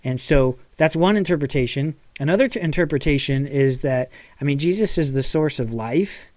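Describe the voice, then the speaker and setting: A man's voice: on the high side, moderate pace, darkish tone, no room sound. A man preaching a sermon as pastor in a casual, conversational way, checking in with "okay" and acting out quotes. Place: church.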